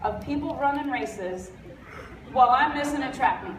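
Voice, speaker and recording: A high-voiced, congested woman speaks bluntly and with fire at a convention, cracking jokes to the crowd. Her voice carries around a big echoey hall, picked up from well back from the mic. A steady hum of room noise sits under her. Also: moderate pace. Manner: blunt, fired-up, jokey. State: stuffy, congested. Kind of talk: motivational stage talk. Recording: roomy hall audio from far off.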